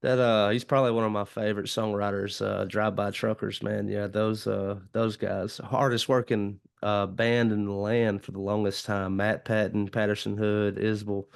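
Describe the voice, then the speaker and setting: A man's voice: on the low side, little pitch movement, moderate pace, vocal fry, hardly any pauses, clear, resonant tone. A man with a Southern US accent hosting a casual chat, talking in a laid-back way and calling people dude and man. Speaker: podcast host.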